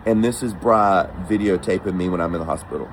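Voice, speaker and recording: A deep-voiced, fast-talking man relates a personal trip story with casual animation, voicing each person in it. Slight background noise and poor audio mark the clip.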